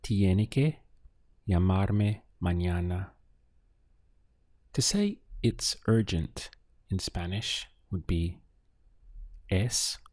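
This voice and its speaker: A man teaching beginner Spanish, modeling phrases slowly and deliberately in a scripted lesson. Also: low voice, darkish tone, husky, dry recording. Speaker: language teacher.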